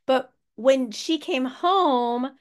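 A woman with a high voice tells a family story in casual podcast chat. She is animated and teasing, and she often breaks off to prod her husband into telling his part. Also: very slow. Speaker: podcast co-host, mother.

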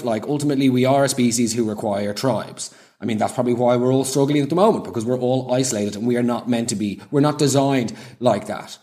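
A man's voice: mid-range voice, a little mellow. A man delivering a sarcastic comic monologue, full of ranting, exasperated asides. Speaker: comedian.

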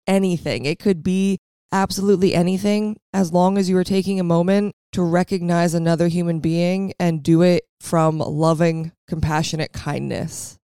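A young adult woman with a raspy voice and a valley girl lilt, hosting a podcast in a casual, reflective monologue. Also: on the low side, mellow, no echo, studio quality. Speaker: podcast host.

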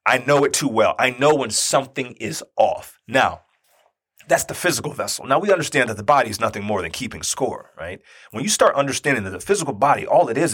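A man in his forties telling a personal story in a conversational, animated way, often checking in with his listeners. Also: medium pitch, breathy edge. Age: 40s. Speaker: speaker and youth basketball coach.

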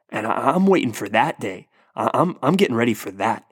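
A man's voice: mid-range voice, very animated, fairly quick, few pauses, slightly rough, no room sound, studio quality. A man preaching a sermon, earnest and emphatic, often restarting his words as he builds to a point. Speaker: pastor.

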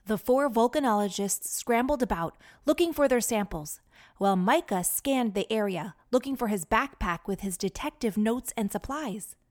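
Lively woman storybook narrator. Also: on the high side, moderate pace.

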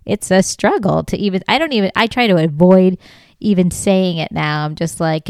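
A woman's voice: on the low side, moderate pace, darkish tone, dry recording, clean studio sound. A middle-aged woman hosting a comedy podcast, telling a story in a casual way and laughing often as she talks. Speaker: podcast host.

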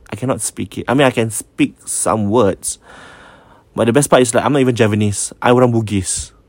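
A man with a Singaporean accent casually retelling a ghost story, switching between English and Malay, jumping up in pitch when quoting and dropping to a hush at the eerie parts. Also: no echo. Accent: Singaporean Malay-English mix. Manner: code-switching, animated when quoting, trailing hushed asides. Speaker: storyteller host.

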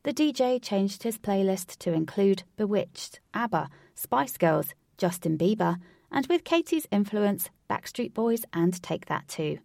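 A woman reads a story aloud with expressive delivery and a gravelly edge to her voice. The recording is close and dry. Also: medium pitch, a little slow, no echo. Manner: expressive, voices each character. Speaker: narrator. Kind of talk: storybook reading.

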